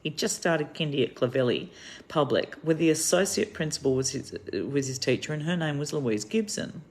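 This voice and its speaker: A woman's voice: deep voice, lively intonation, moderate pace, a little mellow. Indignant Australian woman ranting. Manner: indignant, rambling, emphatic storytelling. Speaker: activist vlogger. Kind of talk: monologue to camera.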